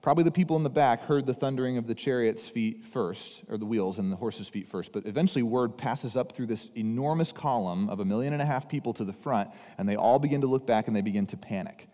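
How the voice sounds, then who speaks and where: A man's voice: mid-range voice, fast, hardly any pauses, mellow. A man preaching a sermon as pastor, talking casually and briefly acting out panicked voices from the story. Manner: conversational, acts out voices of the crowd. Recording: long hall reverb.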